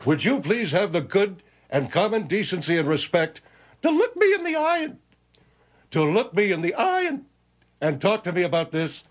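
A pompous old general whose squeaky voice lisps and cracks as it leaps about wildly in pitch. He talks with indignant self-importance, as if offended at every turn, his high tones breaking up mid-word. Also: very animated, moderate pace.

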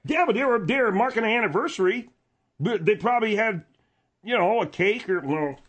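Very high-voiced goofy male co-host. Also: animated, fairly quick, a bit bright, highs cut off. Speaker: radio co-host. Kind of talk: casual radio banter.

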